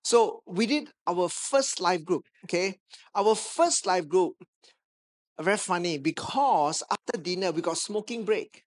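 A man with a Malaysian English accent, preaching a sermon as a pastor, telling a lively anecdote with touches of humor. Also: high-pitched, a little slow. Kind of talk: sermon storytelling. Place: church stage.

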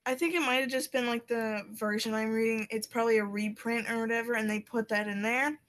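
A woman's voice: fairly high pitch, level tone, brisk, a bit bright. A woman co-hosting a podcast, chiming in casually with side notes about the comic. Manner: chimes in with side notes about her edition. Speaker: podcast co-host. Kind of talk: casual chat.

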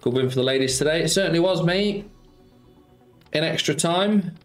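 A man's voice: a little high, normal speed, faint music behind. Chatty man greeting stream viewers. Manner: chatty, greets viewers by name and banters about football. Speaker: slots streamer. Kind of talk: casual live-stream chat.

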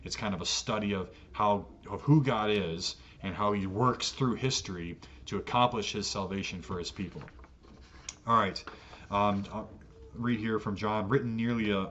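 An American man teaching an adult catechesis lesson on the Bible in a relaxed, conversational way, with fillers and self-corrections. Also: on the low side. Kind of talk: Bible study lecture. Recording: dull lo-fi audio with faint noise.

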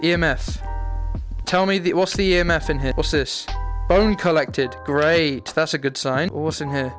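Young man, high-pitched, jumpy and nervous, let's-play commentary, faint music behind. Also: moderate pace, fairly bright tone. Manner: jumpy, nervous, laughs and yelps. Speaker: gaming YouTuber.

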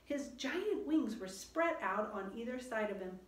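A woman reading a children's storybook aloud in a slow, expressive storytelling manner. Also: a little high. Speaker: children's book reader. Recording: roomy echo.

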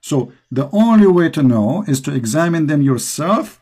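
A man's voice: fairly high pitch, lively intonation, moderate pace, mellow, breathy edge. A man with an Arabic accent preaching with passion and repetition to a caller as the host. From Middle East.

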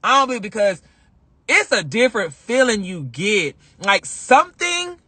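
High, lively man with animated talk. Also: normal speed, husky, dry recording. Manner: emphatic, repeats phrases for effect; animated, spiritual storytelling. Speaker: vlogger. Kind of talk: casual livestream chat.

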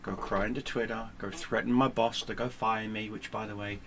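A man's voice: fairly low pitch, flat delivery, a little fast, creaky, a bit bright, slight background noise. A man, a gaming streamer, ranting to camera in a sarcastic, combative way with heavy swearing. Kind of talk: profane angry rant to camera.

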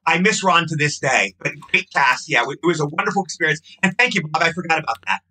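A man's voice: fairly high pitch, fast, sharp tone, slightly rough, rough recording. A man guest on a podcast, chatting casually in a rambling, effusive way that circles back and repeats itself. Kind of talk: casual chat.

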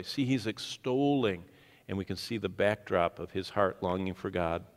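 A male pastor preaching an evening sermon. He gets animated and rises to near-shouts for emphasis, and he acts out the quotes he tells. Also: sits low, moderate pace. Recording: long hall reverb.

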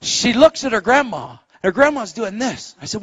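A middle-aged man preaching a sermon as a story, animated, dropping to a hush and rising to shouts. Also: sits high, moderate pace, husky, lo-fi sound. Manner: animated, swings from hushed to shouting.

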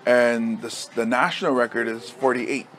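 This podcast co-host is a middle-aged high school football coach from Hawaii, chatting casually. He speaks at medium pitch with fairly even intonation and a moderate pace. He rambles through coaching stories, laughing a lot and belting out exasperated coach lines.

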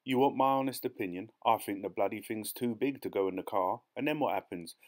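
Guy doing a blunt suspicious farmhand, quick and coarse. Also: fairly low pitch, a little mellow, close to an everyday voice.

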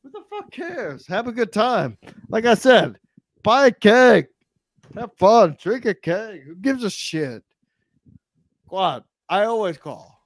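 A man's voice: high-pitched, animated, slow, pauses often, no echo, studio quality. A man hosting a call-in stream, drunk and crude, egging his callers on. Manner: loud, crude, drunken banter. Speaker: show host. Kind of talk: rowdy live call-in stream.

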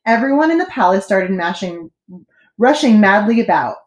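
A woman reading a children's picture book aloud, with expressive, dramatic delivery. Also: mid-range voice, moderate pace. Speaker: storyteller. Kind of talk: children's story read-aloud. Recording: echoey room.

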